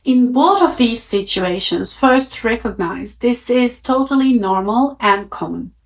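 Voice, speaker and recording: A woman in her thirties giving a calm, encouraging talk on coaching to camera. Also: fairly high pitch, a little slow. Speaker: coaching trainer.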